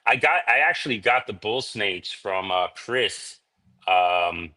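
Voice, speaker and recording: Casual male podcast guest, bright lowish voice, rambling storyteller. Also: lively intonation, slow pace. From Florida. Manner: laid-back, rambling, peppers speech with "man" and "dude". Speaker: reptile breeder, podcast guest.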